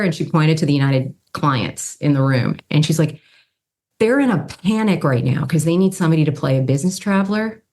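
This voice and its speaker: A woman in her fifties with a low-pitched voice tells stories in a relaxed, chatty way. She keeps leaping up in pitch to act out the people she quotes. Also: a little fast. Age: 50s. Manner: animated, acts out quoted people with pitch jumps. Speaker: guest, brand strategy consultant and model. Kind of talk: casual storytelling in an interview.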